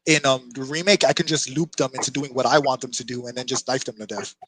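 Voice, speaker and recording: A man in casual gaming chat, animated, often laughing and restarting his sentences. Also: medium pitch, quick pace, a little hiss or hum, low-quality recording. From New York. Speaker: podcast co-host.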